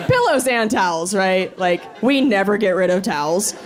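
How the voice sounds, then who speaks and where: A woman in her thirties doing a stand-up comedy set, telling stories quickly with chuckles. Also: mid-range voice, crowd noise. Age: 30s. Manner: fast animated storytelling with chuckles. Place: comedy club stage. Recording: live club with audience and room noise.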